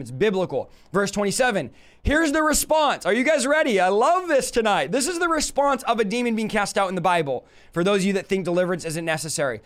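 High-voiced man preaching with emphasis. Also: a bit bright. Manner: emphatic, asks the audience rhetorical questions. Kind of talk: live-stream Bible teaching.

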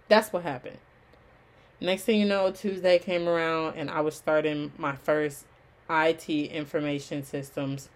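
Animated woman telling a story casually. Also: sits low. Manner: animated, repeats phrases, slangy and conversational. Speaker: vlogger and online college student.

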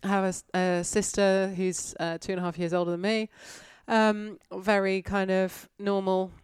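A woman's voice: mid-range voice, level tone, normal speed, darkish tone, clear, resonant tone, no echo, studio quality. A woman in her forties from North Yorkshire, candidly reflecting on her life as a podcast guest. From North Yorkshire, England. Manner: reflective, candid, many fillers and restarts. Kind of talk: conversational interview.

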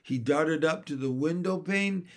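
Slow, gentle male storybook reader. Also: a little high. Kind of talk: storybook narration.

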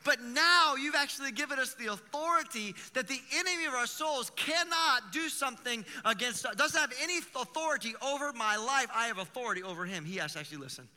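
Animated bright-voiced preacher, man, churchy reverb. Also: very high voice, a little fast, hardly any pauses. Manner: animated, conversational preaching with vivid examples. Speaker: pastor. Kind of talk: sermon.

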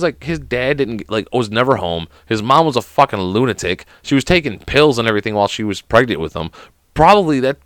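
A man's voice: mid-range voice, fairly bright tone, dry recording. A man, sick at the moment, rambling through a casual solo podcast rant, swearing often and filling gaps with "like". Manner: profane, rambling, heavy on "like" fillers. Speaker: podcast host.

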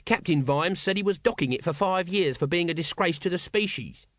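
A man's voice: sits high, a little fast, a bit bright, dry recording, clean studio sound, voice pushed up. A man voicing a scruffy, cheeky male city guardsman who needles and wheedles.

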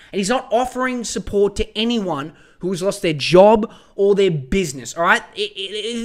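A man's voice: high-pitched, fairly bright tone. A man, hosting a solo podcast and ranting in a profane, heated way with lots of stammered restarts. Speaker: podcast host.

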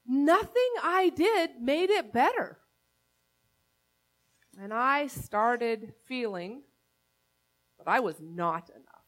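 A woman pastor delivers a sermon with a bright, high voice. She speaks in a conversational, earnest way, weaving a personal story into her preaching. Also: expressive, slow pace, long pauses.

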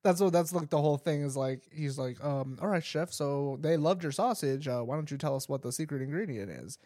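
A man's voice: on the high side, brisk, dark tone, no room sound, studio quality. A young man co-hosting a podcast, telling a story in a rambling, casual way with lots of "like" and frequent laughter. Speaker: podcast co-host. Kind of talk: casual chat.

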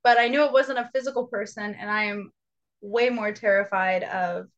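Speaking at normal speed with a medium-pitched voice, a young adult woman tells a story while co-hosting a podcast, keeping the chat casual and lively as she acts out the quotes. The recording is dull and lo-fi.

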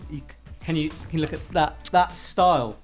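A man's voice: a little high, normal speed, soft background music. A man co-hosting a casual video chat, jokey and rambling as he talks. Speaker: co-host.

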